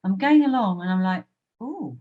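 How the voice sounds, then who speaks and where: A woman's voice: mid-range voice, lively intonation, a little fast, phone-quality sound. A woman hosting a podcast, chatting casually and drawing her guest in with tag questions. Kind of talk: casual chat.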